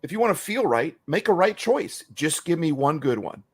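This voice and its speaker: A middle-aged man talking on a podcast in an excited, preachy motivational way. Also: fairly high pitch, normal speed, husky. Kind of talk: casual podcast chat.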